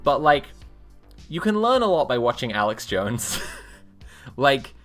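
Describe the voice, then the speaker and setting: A woman's voice: rumbling low, big pitch swings, slow, fairly bright tone, soft background music. Sarcastic woman streamer reading aloud. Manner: sarcastic, rambling asides between read passages. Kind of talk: casual live-stream reading and commentary.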